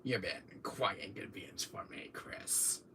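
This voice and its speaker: A man doing an impression of a cold, menacing male villain in sunglasses, talking slowly, low and quietly. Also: a little hiss or hum, exaggerated voice. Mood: cold menace. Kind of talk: amateur impression of a game villain.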